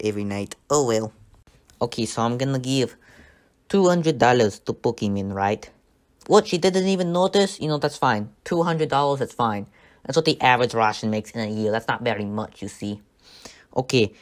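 A man performing a comedic parody skit in a mock dictator voice, with deadpan delivery. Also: on the low side. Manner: mock Russian dictator bluster, deadpan jokes. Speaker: comedy streamer.

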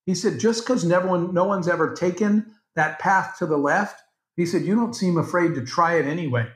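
A man, a guest entrepreneur, tells a story and acts out each line of quoted dialogue. His voice sits a little high for a man. It is recorded in a roomy space that gives it a clear echo. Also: normal speed. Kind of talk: storytelling in a podcast interview. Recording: roomy, echoey sound.

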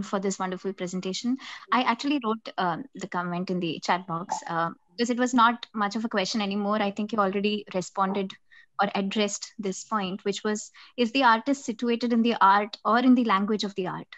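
A woman making a polite, formal comment on a video call, measured and courteous. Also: medium pitch, steady tone, fairly bright tone. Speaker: audience member commenting. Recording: dry, dull video-call audio.

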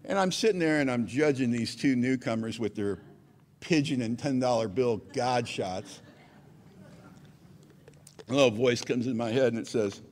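A man's voice: medium pitch, normal speed, pauses often, a little mellow. A man speaking at a recovery meeting, telling his own story conversationally with frequent asides. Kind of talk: personal testimony talk.

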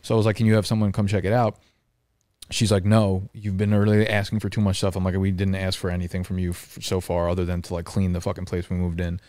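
A young man with a somewhat low voice rambles through a casual podcast rant. He swears freely and sounds exasperated. His voice is recorded close and dry on a studio mic. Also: level tone, fast, mellow, no echo. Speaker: podcast co-host. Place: apartment room.

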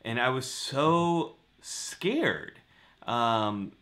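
Bright-voiced man in casual chat. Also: mid-range voice, lively intonation, extremely slow. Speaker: psychologist co-host.

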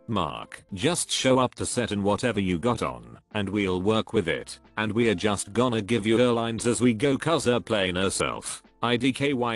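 A man reading online forum comments aloud in a steady, even narration. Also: lowish voice.

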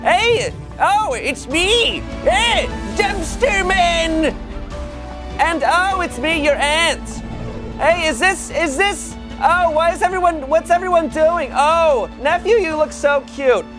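A man voicing an excited aunt ancestor spirit in a shrill falsetto, gushing over her nephew. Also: takes it slowly, long pauses, exaggerated voice. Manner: squealing, gushing. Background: music.

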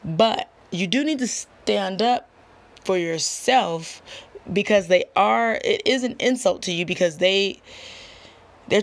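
A woman giving a casual tarot reading straight to her viewers, assertive and chatty, often checking in with "okay?". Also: medium pitch. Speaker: tarot reader.

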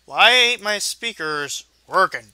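A man's voice: sits high, expressive, takes it slowly, pushed and bright, smooth, dry recording. A man rambling through let's-play game commentary, swearing casually and talking to himself and his viewers. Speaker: gaming video host.

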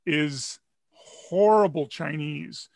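High, gravelly man with wry quips. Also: extremely slow, darkish tone, no echo, studio quality. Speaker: guest co-host. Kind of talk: casual chat.

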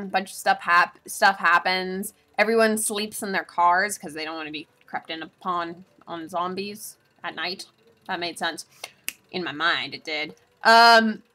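A woman's voice: medium pitch, bright, forceful tone. A woman vlogger giving a rambling, casual recap of a movie, full of asides and giggles.

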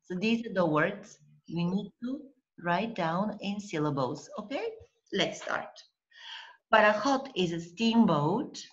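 A woman teaching a language lesson online, patient and deliberate, breaking words into syllables and checking in with the student. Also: mid-range voice, lively intonation, lo-fi sound. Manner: patient, slow, spells out syllables and checks with "okay?".

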